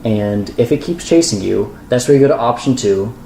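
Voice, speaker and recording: Mellow-voiced young man telling a rambling story. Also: lowish voice, lively intonation, a little fast, gravelly. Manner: rambling storyteller, stammers and restarts. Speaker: podcast co-host. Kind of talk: casual chat. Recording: echoey room with faint noise.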